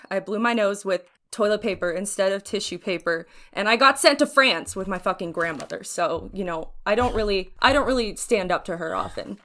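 A woman's voice: mid-range voice, sharp tone. A woman player role-playing in a tabletop game, sarcastic and indignant, swearing freely.

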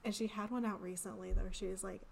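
A young woman co-hosting a casual podcast chat, talking fast and loose with lots of "like" fillers. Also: medium pitch, steady tone, vocal fry, slight background noise. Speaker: podcast co-host.

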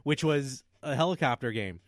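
A man in his late thirties co-hosting a casual podcast, quick with jokes and laughing often. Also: medium pitch, lively intonation, no room sound, studio quality. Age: 30s. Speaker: podcast co-host. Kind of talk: casual chat.

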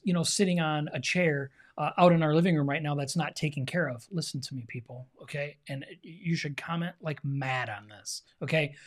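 A middle-aged man co-hosting a podcast in casual chat, earnest and opinionated, talking straight to the listeners. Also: on the high side. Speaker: podcast co-host.

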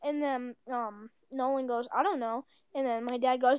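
A woman's voice: sits high, steady tone, normal speed, noisy background. A woman telling a long personal story in a casual chat, rambling with many "like" fillers and self-corrections. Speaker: storyteller guest.

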